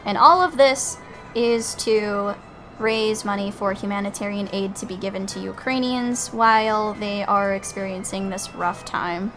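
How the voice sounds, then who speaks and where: A woman's voice: medium pitch, a little slow, a bit bright, soft background music, poor audio. A young woman streamer chatting casually while gaming, swearing freely and saying "like" a lot. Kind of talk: casual chat while playing a game.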